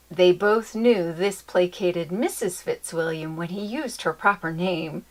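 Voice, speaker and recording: A woman reading a children's chapter book aloud in an expressive, lilting storytelling manner. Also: lowish voice, a little slow, few pauses.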